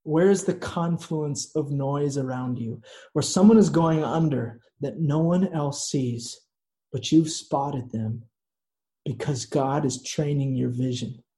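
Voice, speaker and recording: Male pastor, sermon, earnest, dramatic pauses, unhurried, warm dark tone. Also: fairly high pitch.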